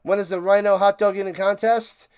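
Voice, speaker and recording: A man hosting a sports live stream, chatting excitedly and a bit out of breath as he signs off to his viewers. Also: sits high, brisk, clear, resonant tone. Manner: excited, rambling, talks to chat viewers. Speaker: sports livestream host. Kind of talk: casual live-stream sign-off chat.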